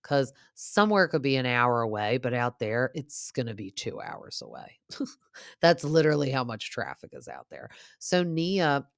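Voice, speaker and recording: A woman's voice: extremely low pitch, very animated, measured pace, no room sound, studio quality. A young adult woman hosting a podcast, chatting casually and rambling with lots of fillers. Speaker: podcast host. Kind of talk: casual recap chat.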